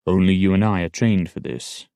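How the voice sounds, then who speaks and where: A man voicing an older male court assassin in an audiobook, speaking in a measured, quiet, slow way. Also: low-pitched, no room sound, clean studio sound. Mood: grave. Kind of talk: audiobook dialogue.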